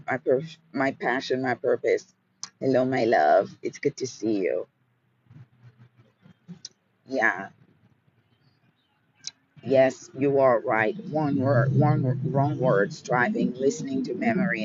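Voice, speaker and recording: A man hosting a live question-and-answer stream, speaking in a slow, soothing, affirming way. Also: mid-range voice. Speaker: livestream host. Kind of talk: motivational live Q&A. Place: outdoors. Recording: dull lo-fi sound, street noise.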